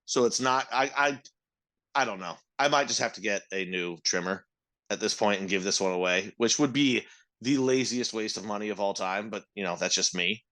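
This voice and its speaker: A man's voice: fairly low pitch, moderate pace, a bit bright. A middle-aged man on a casual podcast, telling a work story as a profane, ranting storyteller. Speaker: podcast co-host, restaurant manager.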